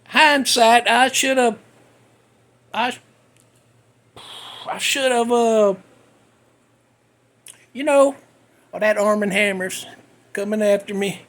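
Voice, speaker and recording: A middle-aged podcast host tells a rambling, self-mocking story in a folksy manner, his grammar loose. His voice is very high-pitched and a bit bright.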